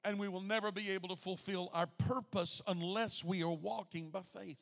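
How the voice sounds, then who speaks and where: A male pastor preaching a sermon, leading the congregation in call-and-response and building to shouted declarations. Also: sits high, steady tone, normal speed, gravelly.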